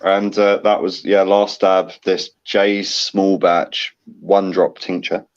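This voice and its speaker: Deep blunt man, lo-fi. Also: flat delivery, slow pace. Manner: blunt, swears casually. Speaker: guest, chili challenge eater. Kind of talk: casual chat. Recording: dull lo-fi sound.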